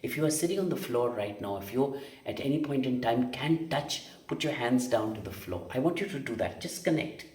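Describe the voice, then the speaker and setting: Expressive and fairly quick, the man talks in a medium pitch with a darkish tone while giving a spoken meditation lesson on energy healing. He stresses his points, repeats phrases, and keeps asking rhetorical questions, recorded from afar in a roomy space.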